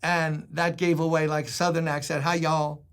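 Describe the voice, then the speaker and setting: A man's voice: on the high side, level tone, normal speed, fairly bright tone, clean tone. An older man, a pastor, giving a devotional sermon in a conversational style, acting out quoted lines with dramatic emphasis.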